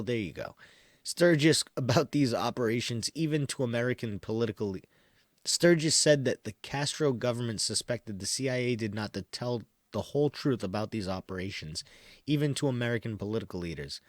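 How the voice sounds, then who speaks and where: A man's voice: mid-range voice, dry recording. Rambling male podcast host, dry sound. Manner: rambling asides, frequent fillers and wry laughs. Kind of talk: casual commentary while reading from an article.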